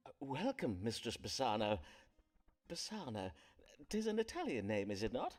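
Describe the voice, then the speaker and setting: A pompous Elizabethan astrologer from a period game, wordy and evasive, hedging with little fillers. His pitch rises and falls a lot, and his old-fashioned phrasing sounds formal and stiff. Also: wildly swooping pitch, normal speed. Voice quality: archaic formal diction, hesitant fillers. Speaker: Elizabethan astrologer physician Foreman.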